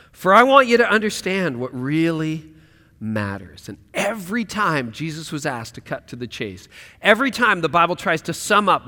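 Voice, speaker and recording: Pastor, male, high-pitched and bright, preaching with passion in a church sanctuary that rings with long reverb. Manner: impassioned, swings from loud to hushed. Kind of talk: sermon.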